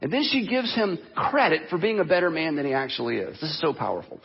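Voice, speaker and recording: A man preaching a sermon in an animated, conversational way, acting out the quotes as he goes. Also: on the high side, quick pace, vocal fry, hardly any pauses, big-room sound, muffled recording, slight background noise. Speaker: pastor.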